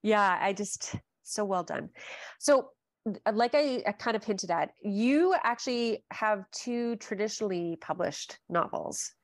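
A woman hosts a relaxed author interview, gushing with praise and tripping over her own restarts. Her voice sits at a middle pitch. The recording is dry and close, with little room sound. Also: measured pace, dry recording. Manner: effusive, gushing with frequent restarts. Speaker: podcast host. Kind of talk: casual interview chat.

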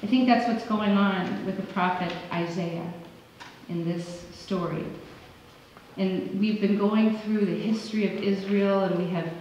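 A woman's voice: mid-range voice, unhurried, slight background noise. Woman preaching in an echoey church. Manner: conversational, animated storytelling with acted quotes. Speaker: pastor. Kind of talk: sermon. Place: church sanctuary. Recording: echoey church hall, dull lo-fi sound.

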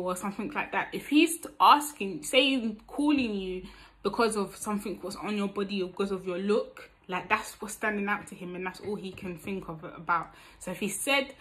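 A woman's voice: mid-range voice, normal speed, low-quality recording. Young woman, East London accent, casual dating-advice vlog, slangy, acts out conversations. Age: young adult. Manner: animated, acts out both sides of chat-up lines; street slang, tag questions like "you get me?". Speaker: vlogger giving dating advice.

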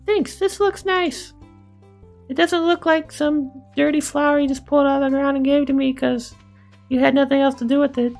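A game streamer voicing a shy young woman villager in a high, soft, slow voice. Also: fairly even intonation, gravelly, soft background music. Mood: sweet. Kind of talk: let's play voicing game characters.

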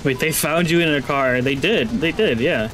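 A man giving rambling, excitable live commentary on a game he is streaming into a headset, his voice jumping high when surprised. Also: normal speed.

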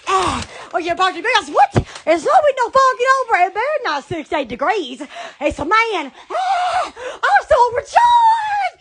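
Woman, very high squealing voice, wildly swooping pitch, giddy laughter, hyper live-stream chat. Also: sing-song, normal speed, few pauses, sharp tone, shouting.

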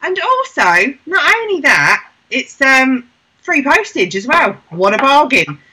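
Brief: British woman presenter, chatty and heartfelt, bright voice, casual showcase. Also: sits high, big pitch swings, unhurried, rough recording. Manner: chatty, heartfelt, self-deprecating. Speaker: show presenter. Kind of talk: casual product showcase chat.

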